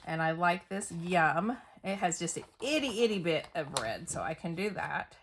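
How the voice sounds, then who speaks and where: Talking through a scrapbook layout, this middle-aged crafter thinks aloud while she works, chatting and poking fun at herself. She has a fairly low, expressive voice at normal speed, with background noise in the clip.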